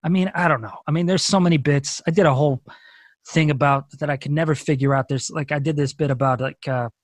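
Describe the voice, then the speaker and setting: A man's voice: fairly high pitch, fast, no room sound. A man in his thirties, a stand-up comedian guest on a podcast, telling stories with swearing and acted-out quotes. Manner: animated storytelling with profanity and acted-out quotes. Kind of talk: casual podcast conversation.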